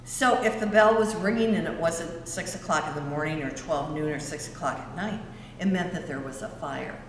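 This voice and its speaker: A woman's voice: deep voice, slight background noise. A woman giving young schoolchildren a video tour of a large church sanctuary, asking them friendly questions as she goes. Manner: slow, friendly teacher-like questions to kids. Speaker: church guide for a school field trip. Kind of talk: virtual tour for young children. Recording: echoey church hall, from afar.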